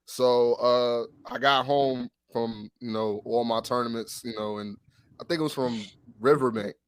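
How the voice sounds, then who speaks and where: A man telling a long story in casual chat on a sports podcast, animated and profane, full of restarts. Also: mid-range voice, measured pace, clear, resonant tone, dry recording. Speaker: podcast co-host.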